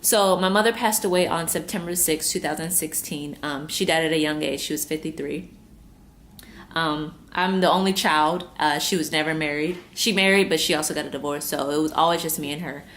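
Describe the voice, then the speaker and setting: A woman in her twenties with a low voice speaks straight to camera in a personal vlog. She talks earnestly and circles back over her points, working to keep from crying. A faint hiss sits under the recording. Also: fairly quick, a bit bright. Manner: earnest, repeats herself, trying not to cry. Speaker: vlogger.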